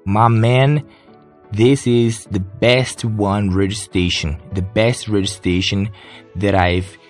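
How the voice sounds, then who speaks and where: A young Brazilian man records a casual podcast at home, speaking English with a Brazilian Portuguese accent. His voice sits fairly low and he talks very slowly, stopping often to search for words. Faint music plays underneath. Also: fairly even intonation. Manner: hesitant, many fillers and restarts, laughs softly. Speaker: podcast host, English learner.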